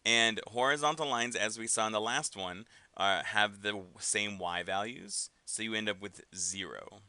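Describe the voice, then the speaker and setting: A man's voice: lowish voice, measured pace, bright, forceful tone, dry recording. A man teaching an algebra lesson in a casual way, often checking in with "right?" and "okay?". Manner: casual, with frequent fillers and tag questions. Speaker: math teacher. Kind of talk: recorded classroom lesson.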